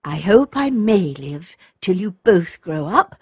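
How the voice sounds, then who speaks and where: A grave, tender princess speaks with a mother's sorrow, voiced by a woman reading a storybook. Her husky voice moves at an unhurried pace. It is recorded close and dry, with no room sound. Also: lowish voice, sing-song, dry recording, full character voice. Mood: sad, grave. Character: gentle, sorrowful young widowed princess mother.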